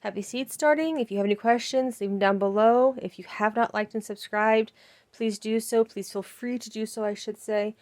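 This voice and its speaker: A woman's voice: medium pitch, little pitch movement, normal speed, darkish tone. Chatty woman vlogging about her seeds. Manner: chatty, rambling, frequent ums. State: out of breath. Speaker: gardening vlogger. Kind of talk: casual home vlog.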